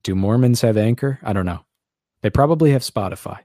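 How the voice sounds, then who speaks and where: Male podcast host, low-ish voice, sarcastic and rambling, dry recording. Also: expressive, fairly quick, mellow, no echo. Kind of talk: casual podcast chat.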